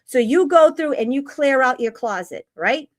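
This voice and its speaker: A woman's voice: high voice, lively intonation. A woman hosting a live-stream spiritual talk, earnest, repeating phrases and checking in with "right?" and "okay?". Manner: reads slow guidance lines, then talks freely.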